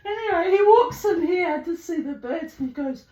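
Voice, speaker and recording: A woman's voice: very high-pitched, expressive, moderate pace, mellow, echoey room, dull audio. A woman vlogger telling stories casually from a room at home full of bird cages, laughing often and acting out the people in them. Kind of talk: casual storytelling.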